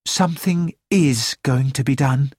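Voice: medium pitch, a little slow, breathy edge, no room sound, clean studio sound. A reader voicing a firm, serious middle-aged woman who runs a student hostel, in an audiobook. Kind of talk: audiobook character voice.

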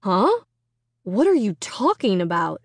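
A woman voicing a practical, level-headed father who speaks in a calm, matter-of-fact way. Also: medium pitch, unhurried, dry recording.

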